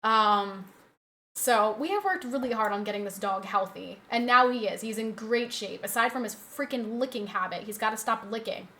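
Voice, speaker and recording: A woman's voice: on the high side, normal speed, bright, forceful tone. A woman streamer chatting casually on a live stream from her home setup, often cooing at her dog in a doting voice.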